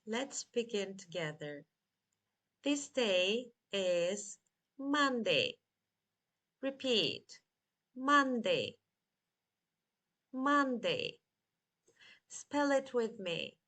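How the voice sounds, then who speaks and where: A woman teaching a scripted beginner lesson, drilling words slowly and spelling them letter by letter. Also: on the high side, big pitch swings, fairly bright tone. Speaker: English teacher.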